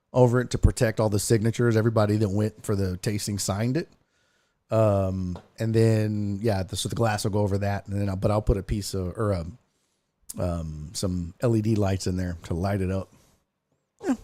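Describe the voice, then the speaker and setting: A man's voice: lowish voice, warm tone, no echo. A man hosting a sports live stream from home, chatting loosely, rambling and thanking viewers in chat. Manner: swears casually.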